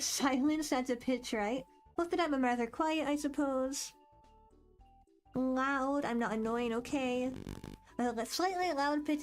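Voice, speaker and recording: Over faint background music, a young woman with a high voice streams and reads quiz questions aloud. Her talk is casual and rambling, and her manner is bubbly and self-deprecating.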